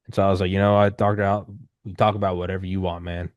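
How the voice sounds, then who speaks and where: A man in his thirties hosting a podcast, telling stories in a loose, rambling, animated way with casual swearing. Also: low voice, fast talker, no echo, clean studio sound. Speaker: podcast host. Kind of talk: casual conversational storytelling.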